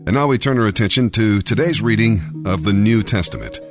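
A man reading a Bible passage aloud as scripted narration, in a measured, even way. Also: on the low side, over music. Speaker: Bible reader.

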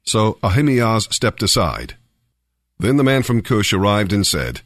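A man reading a Bible passage aloud as scripted narration, in a measured, even way. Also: fairly low pitch, no room sound, studio quality. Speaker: Bible reader.

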